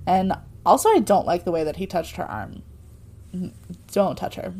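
A woman's voice: on the low side, expressive, moderate pace, dark tone. A young woman co-hosting a podcast, recapping a TV episode in casual, sarcastic chat and laughing often. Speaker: podcast co-host.

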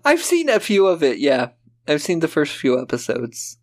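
Guy cohosting a movie podcast, kinda high voice, sarcastic, does goofy voices for the characters. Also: wildly swooping pitch, normal speed. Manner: sarcastic, acts out lines in silly voices. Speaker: podcast co-host. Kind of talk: casual movie-recap chat.

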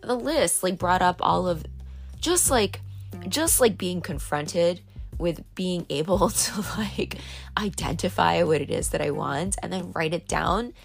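A woman's voice: fairly low pitch, animated, measured pace, creaky, soft background music. A woman hosting a podcast, talking candidly in a rambling, casual way, full of fillers and little laughs. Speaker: podcast host. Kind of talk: casual confessional monologue. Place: on a boat.

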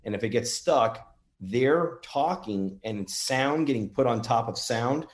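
A man casually demonstrating a recording tool, earnest and gently thankful toward spirits. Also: medium pitch, expressive, unhurried. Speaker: paranormal app demonstrator.

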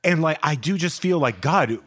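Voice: mid-range voice, lively intonation, normal speed. A co-host in a casual chat, gushing and enthusiastic.

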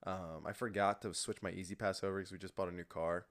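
A man's voice: sits low, fairly even intonation, quick pace, a bit bright. A young man co-hosting a podcast in casual chat, rambling with many "like" fillers and laughing easily. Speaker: podcast co-host.

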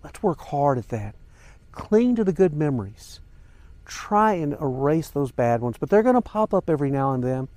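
A man's voice: a little high, big pitch swings, normal speed, darkish tone, no room sound. An older man hosting a podcast, talking earnestly and emotionally straight to his listeners in a personal, reflective monologue. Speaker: podcast host.

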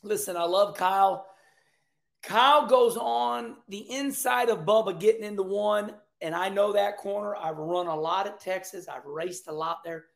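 Gravelly high-pitched chatty man. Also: moderate pace. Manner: chatty, joking, animated asides. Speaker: racing commentator. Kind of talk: casual commentary vlog.

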